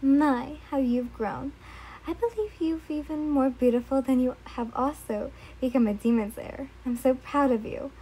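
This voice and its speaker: A woman reading as a loving mother in a dream, tender and full of remorse. The voice sits a little high, with a mellow, husky tone. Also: normal speed, rough recording. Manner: tender, emotional.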